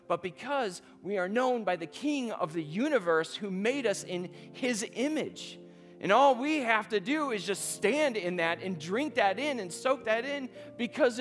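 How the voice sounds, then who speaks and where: A man's voice: high voice, fairly bright tone. A male pastor preaching a sermon in a conversational storytelling way that rises to fervent emphasis.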